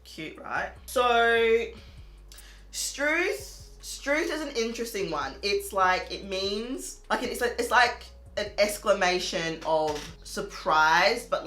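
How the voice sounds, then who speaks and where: A woman's voice: lowish voice, pushed and bright, roomy sound. An Australian woman reviewing makeup in a casual, chatty vlog, full of "like" and self-amused laughs. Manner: chatty, lots of "like", laughs at herself. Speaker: beauty vlogger. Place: home room.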